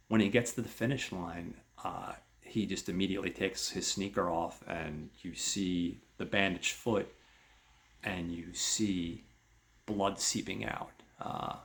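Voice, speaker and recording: Male host, low gravelly voice, loose rambling film recap. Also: fairly bright tone. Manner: rambling, with many filler words. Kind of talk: casual film plot recap.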